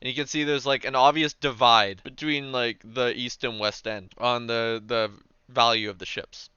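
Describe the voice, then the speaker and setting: A man's voice: medium pitch, fairly even intonation, normal speed, bright, forceful tone, clear, resonant tone, no room sound, highs cut off. A man narrating a tabletop game as game master, casual and full of fillers.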